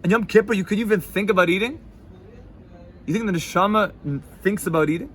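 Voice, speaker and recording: A man, a rabbi, giving an informal Torah class in a yeshiva hall, sprinkling Yiddish and Hebrew words into casual talk and swinging between loud and hushed. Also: high-pitched, quick pace, slight background noise. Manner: animated, swings from loud to hushed, laughs easily.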